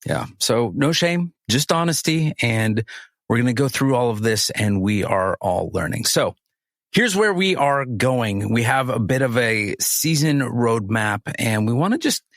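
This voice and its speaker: A man's voice: mid-range voice, lively intonation, moderate pace, dry recording, clean studio sound. Upbeat man steering a podcast chat. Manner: upbeat, laughs easily, guides the conversation. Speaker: podcast co-host. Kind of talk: podcast conversation.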